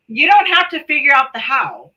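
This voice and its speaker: A woman's voice: high voice, very animated, moderate pace, bright, forceful tone, lo-fi sound. A woman co-hosting a live stream in casual chat, teasing and playful. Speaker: co-host.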